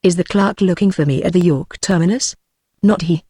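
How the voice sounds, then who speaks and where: A text-to-speech woman's voice with a British English accent, reading a classic novel aloud at a steady, measured pace without voicing the characters. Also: fairly low pitch, breathy edge, no echo, studio quality. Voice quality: synthetic, evenly paced. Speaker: audiobook narrator.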